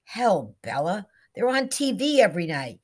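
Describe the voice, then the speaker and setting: A woman's voice: mid-range voice, sing-song, moderate pace, voice pushed up. A woman voicing a big, plump older woman, a cynical film buff, in a storybook reading. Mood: blunt.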